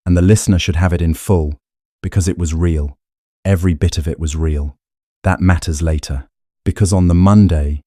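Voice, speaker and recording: A male narrator reading a period romance audiobook in a measured storytelling way. His voice is very low and mellow. The recording is close and dry. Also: dry recording.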